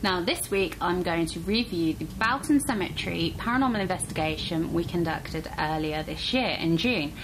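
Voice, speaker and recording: A woman hosting her weekly paranormal vlog, chatty and animated, throwing out rhetorical questions. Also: fairly low pitch, normal speed, few pauses, noisy background. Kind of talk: casual chat to camera.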